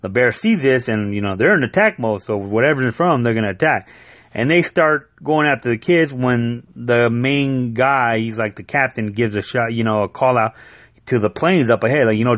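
A man retelling a comic book in loose, rambling chat, swearing freely and getting worked up as he goes. His voice sits in an ordinary middle pitch and sounds close and dry, with no room echo. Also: moderate pace, lo-fi sound. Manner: rambling, profane and excitable, often laughing. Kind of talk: casual chat.

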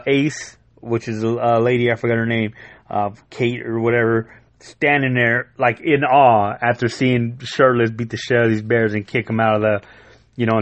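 A man retelling a comic book in loose, rambling chat, swearing freely and getting worked up as he goes. His voice sits in an ordinary middle pitch and sounds close and dry, with no room echo. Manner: rambling, profane and excitable, often laughing. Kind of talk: casual chat.

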